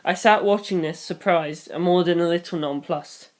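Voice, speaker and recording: Deadpan first-person story reader, middle-pitched. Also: moderate pace. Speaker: channel host reading a fan novel aloud.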